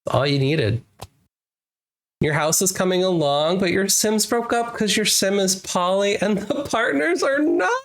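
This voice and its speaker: An adult game streamer chatting casually with viewers during a live stream, playful and excitable, laughing often. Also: medium pitch, measured pace. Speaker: wholesome RPG game streamer.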